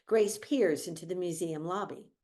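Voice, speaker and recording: A woman reading stage directions aloud in a measured, descriptive way at a virtual table read. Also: fairly low pitch, mellow. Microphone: video call.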